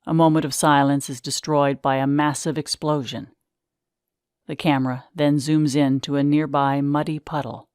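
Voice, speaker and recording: A woman's voice: deep voice, level tone, moderate pace, darkish tone, smooth, dry recording. Woman reading stage directions, dry sound. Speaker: narrator.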